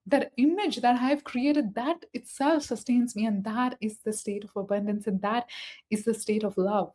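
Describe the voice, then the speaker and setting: In a motivational spiritual talk, a woman with a highish, darkish-toned voice speaks at a moderate pace. She addresses the listener directly, emphatic and repetitive, returning again and again to key phrases.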